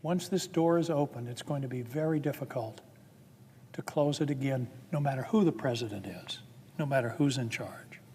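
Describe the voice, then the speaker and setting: A man's voice: medium pitch, normal speed, darkish tone, slight background noise. A man, a senator, giving a formal floor speech with earnest, building emphasis. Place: legislative chamber. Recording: long reverb of a large chamber.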